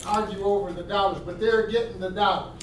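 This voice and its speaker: High-voiced man in a roomy, distant sound. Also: steady tone, fast talker. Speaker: guest. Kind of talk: casual political chat. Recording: roomy distant mic, faint noise.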